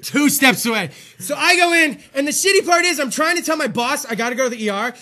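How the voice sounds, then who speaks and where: High-voiced, profane man out of breath. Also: lively intonation, fast talker, pushed and bright. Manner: profane, rambling storytelling with laughs. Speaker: podcast host. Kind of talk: casual chat.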